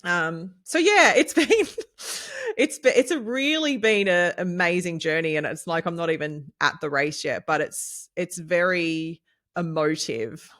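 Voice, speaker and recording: A woman, co-hosting a casual podcast chat and rambling excitably, with lots of fillers and laughs. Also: fairly low pitch, measured pace. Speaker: podcast co-host, nutritionist.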